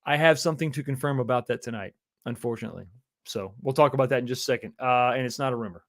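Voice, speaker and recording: A man's voice: mid-range voice, rapid-fire. A man, hosting a casual livestream and chatting through viewer comments in an easygoing way. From Texas, USA. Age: 40s. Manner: chatty and easygoing, with frequent chuckles and repeated phrases. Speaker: livestream host.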